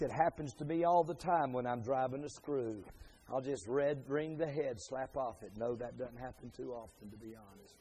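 A man preaching a sermon as pastor, swinging from hushed asides to loud, emphatic peaks. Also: mid-range voice, slightly rough. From Pennsylvania, USA.

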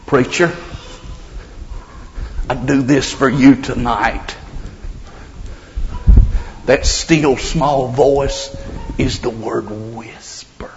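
A man preaching a sermon, swinging between loud declarations and hushed whispers. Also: medium pitch, steady tone, extremely slow, long pauses, background noise. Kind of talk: revival sermon. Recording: dull lo-fi recording.

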